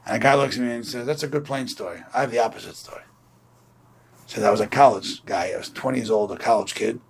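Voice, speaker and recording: A fast-talking Torah teacher from Brooklyn with a medium-pitched voice gives an informal, conversational lecture. He tells stories and voices the people he quotes with animation, over slight background noise.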